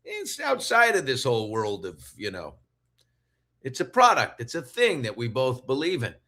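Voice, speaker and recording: Animated, bright-voiced male host. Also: medium pitch, normal speed. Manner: animated, laughing, playful. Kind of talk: casual morning show chat. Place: unusual room, somewhat echoey. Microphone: not his usual studio mic.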